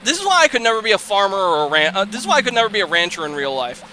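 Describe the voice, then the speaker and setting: A man's voice: sits high, sing-song, very fast, a little hiss or hum. A young man casually commentating on a farming game, rambling and swearing, tipping into exasperated outbursts and laughter. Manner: rambling, profane, swings into exasperated shouting and laughter. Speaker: let's play host.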